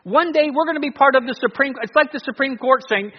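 A male pastor preaching a sermon in an animated way, full of rhetorical questions and frequent restarts. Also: very high-pitched, fast talker. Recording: dull, lo-fi recording with long reverb.

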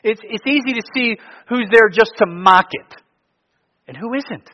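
A middle-aged male pastor telling stories in a sermon, jumping from loud bursts down to quiet, hushed asides. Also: sits high, unhurried, dull audio.

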